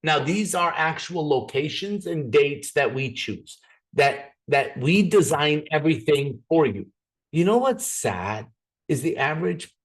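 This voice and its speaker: A man giving an upbeat, persuasive sales presentation to a live group. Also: mid-range voice.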